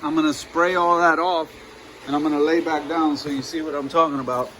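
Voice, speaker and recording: A man's voice: fairly high pitch, little pitch movement, brisk, pushed and bright, a little hiss or hum, rough recording. A man explaining a car job in a rambling, chatty way, talking straight to his viewers. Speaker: mechanic vlogger. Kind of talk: casual how-to narration.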